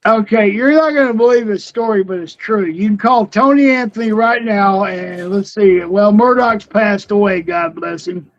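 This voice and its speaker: An older man, a retired wrestler telling road stories in an interview, laughing often and shouting out the lines he quotes. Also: high voice, normal speed, few pauses, dry recording, lo-fi sound. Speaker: retired pro wrestler, guest. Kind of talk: storytelling interview.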